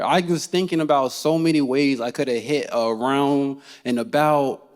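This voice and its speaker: A man's voice: on the high side, normal speed. Man telling a comic story on stage. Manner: animated and comic, laughing as he tells it. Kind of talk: live personal storytelling. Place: theater stage.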